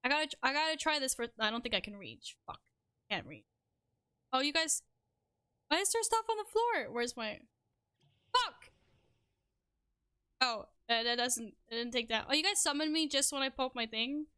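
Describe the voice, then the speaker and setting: A young adult woman streaming a game live, reacting excitably, swearing and making fun of herself. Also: high voice, brisk, clean tone, no room sound, clean studio sound. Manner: excitable, swears, self-deprecating outbursts. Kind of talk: live gameplay commentary.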